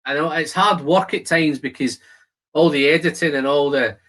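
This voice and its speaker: On his relaxed whisky live stream, the host talks with his audience, replies to comments, and describes the aromas of the whisky he samples. He speaks at a moderate pace in a fairly high, slightly bright voice.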